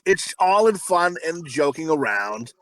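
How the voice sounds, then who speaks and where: This is a man co-hosting a casual podcast, and he rambles through crude stories full of fillers. His voice sits high and bright. It swings widely in pitch. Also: sing-song, unhurried, poor audio. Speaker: podcast co-host.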